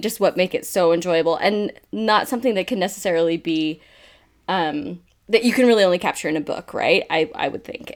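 Woman musing in a casual book chat. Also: fairly low pitch. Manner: thoughtful, hesitant, laughs often. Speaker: book club member.

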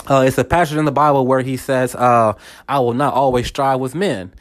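A man's voice: medium pitch, fairly even intonation, a little fast. Man in a rambling faith monologue. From United States. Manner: rambling, repeats words, checks in with listeners. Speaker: podcast host. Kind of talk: casual faith podcast monologue.

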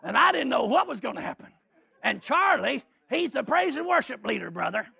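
A middle-aged man preaching a sermon as a lively story, often shouting and laughing as he tells it. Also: extremely high pitch, brisk, creaky, husky.

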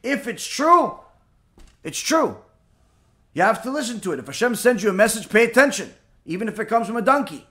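Male rabbi, high-pitched, emphatic sermon delivery rhetorical questions. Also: animated, rapid-fire, fairly bright tone. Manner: emphatic, rhetorical questions, mixes Hebrew terms. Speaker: rabbi giving a Torah class.

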